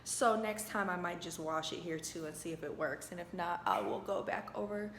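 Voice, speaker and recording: A woman vlogging from her apartment, telling a lively story to her viewers and calling them y'all, close to the camera. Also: fairly low pitch, moderate pace, reverberant, slight background noise. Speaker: lifestyle vlogger. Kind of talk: chatty story-time vlog. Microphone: camera held close to face.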